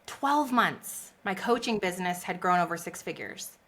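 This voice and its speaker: A woman guest on a podcast, a business coach, telling her story in a lively conversational way and acting out what people said. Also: on the low side, normal speed. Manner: animated, laughs often, acts out quotes.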